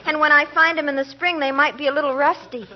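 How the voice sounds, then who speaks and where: A woman's voice: high-pitched, steady tone, fast talker, close to an everyday voice. A woman playing a sheepish young girl. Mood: apologetic. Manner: polite and sheepish. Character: apologetic young neighbor girl. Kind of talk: 1940s radio comedy acting. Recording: muffled old radio broadcast with hiss.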